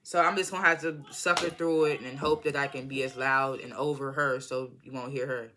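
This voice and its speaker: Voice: mid-range voice, steady tone, a little fast, noisy background. A vlogger recapping a TV episode in a casual, slangy, profane way, rambling and apologizing often. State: irritated by background noise.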